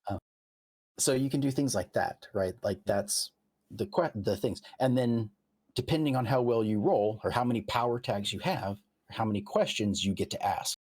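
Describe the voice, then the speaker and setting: A husky-voiced man with a low voice serves as game master. He explains tabletop rules in easygoing chat, stepping through examples and often stopping to rephrase mid-sentence. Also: normal speed, darkish tone.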